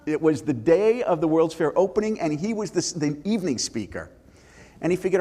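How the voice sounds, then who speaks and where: An older man, an author, telling lively anecdotes with restarts in a live interview before an audience. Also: a little high, brisk. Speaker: author and former congressman. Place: synagogue hall before an audience. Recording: long reverb of a hall.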